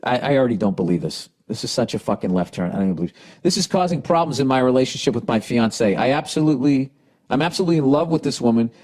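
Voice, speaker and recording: A Boston-accented podcast host with the hiccups reads listener letters and fires back blunt, sarcastic, profane advice. His medium-pitched, slightly mellow voice is animated and fast in this casual advice rant.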